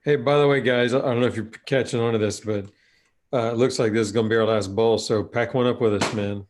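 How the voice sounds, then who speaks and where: A man's voice: mid-range voice, fairly even intonation, fast talker. A man with hiccups chatting on a livestream, loose, teasing and swearing a lot. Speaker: livestream co-host. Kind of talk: casual stoner chat.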